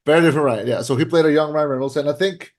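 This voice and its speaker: A young podcast host with a slightly high voice chats loosely in an easygoing, casual way. He rambles on, stuffs every pause with "like" and "uh," and stumbles over his own restarts.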